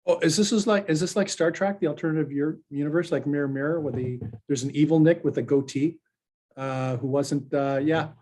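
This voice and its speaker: Man telling stories on a podcast, kinda high voice, lots of uhs. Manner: animated anecdotal, frequent fillers. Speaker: pollster and guest. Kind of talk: casual storytelling chat.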